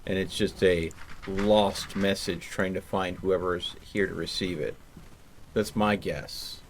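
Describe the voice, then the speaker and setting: A man in a tabletop game chats casually, thinking out loud and explaining his reasoning at length. His voice sits fairly low. A faint noise hums behind him. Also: steady tone, slow. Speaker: player.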